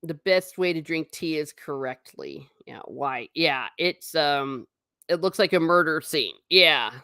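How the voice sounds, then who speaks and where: This woman's voice is low-pitched and unhurried, with a sharp yet clean tone, captured in a clean studio with no echo. She's a travel vlogger reading her live chat, giggling and joking at her own expense as she chats casually with viewers.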